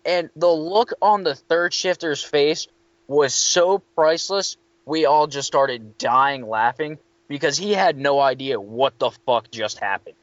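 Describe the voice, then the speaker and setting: A man tells a story in a casual chat, lively and profane, and bumps his voice up whenever he quotes someone. The sound is dry and close with a dull, lo-fi edge. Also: mid-range voice, measured pace, no room sound. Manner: animated, swearing, quoting others in raised voices. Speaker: hotel worker telling a story.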